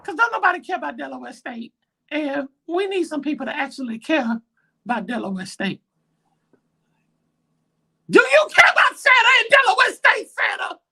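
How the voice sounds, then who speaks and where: A woman's voice: high voice, big pitch swings, normal speed, gravelly, long pauses, sharp tone, full character voice. A woman voicing a whiny little boy football fan who pleads and rambles to Santa in a comedy skit. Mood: pleading.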